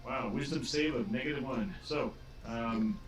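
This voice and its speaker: A man running a tabletop game as game master, narrating in a halting way full of filler sounds. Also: medium pitch, over music. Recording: roomy, distant from the mic.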